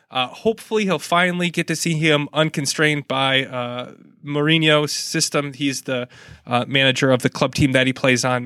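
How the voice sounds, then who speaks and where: A man's voice: on the high side, pushed and bright, no echo, studio quality. A man hosting a casual soccer preview, easygoing and joking while breaking down teams. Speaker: sports podcast host.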